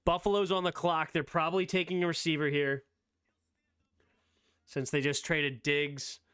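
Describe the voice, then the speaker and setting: A man hosting a casual live sports talk stream, reacting quickly and excitedly with strong opinions. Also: on the high side, clean tone. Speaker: streamer host.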